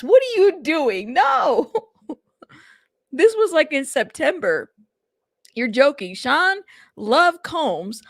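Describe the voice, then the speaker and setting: A woman's voice: high-pitched, no echo, clean studio sound. A woman hosting a casual reaction commentary stream, chatty and exasperated, often laughing. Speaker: commentary channel host.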